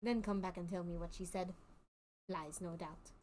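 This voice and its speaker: A woman voicing a smooth, scheming circus boss, putting on a French accent and reading game dialogue aloud in a theatrical, sly manner over a faint hiss. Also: on the low side, steady tone, moderate pace, a little mellow, natural voice. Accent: put-on French.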